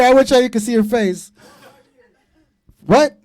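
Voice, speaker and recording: A man in his thirties hosting a comedy show, doing loud, profane, teasing crowd work from a club stage. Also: very high voice, slow.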